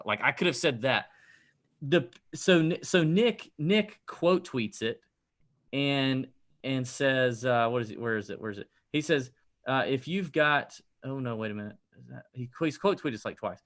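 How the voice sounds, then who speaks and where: A man's voice: medium pitch, moderate pace. A middle-aged man co-hosting a casual betting podcast, telling a rant with lots of energy. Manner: animated ranting storyteller. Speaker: podcast co-host.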